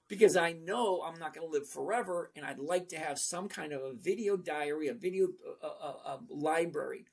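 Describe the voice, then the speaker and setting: A man's voice: a little high, moderate pace, gravelly, few pauses, a little mellow, slightly rough. A man in his sixties hosting a trading livestream, talking bluntly and rambling as he reads out viewers' comments. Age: 60s. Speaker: trading channel host. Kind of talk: casual livestream talk.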